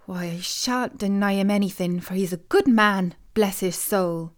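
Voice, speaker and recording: A woman's voice: mid-range voice, measured pace, close to an everyday voice. A woman voicing a kind-hearted, gullible farm wife in a storybook tale, talking in eager exclamations. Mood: pitying.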